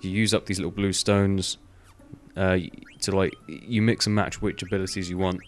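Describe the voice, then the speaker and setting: A young man chats loosely through a game, full of fillers and offhand swearing. His voice sits very low, with faint music behind him. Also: level tone, moderate pace. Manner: rambling, swears casually, many fillers. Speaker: gaming video host. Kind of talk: casual gameplay commentary.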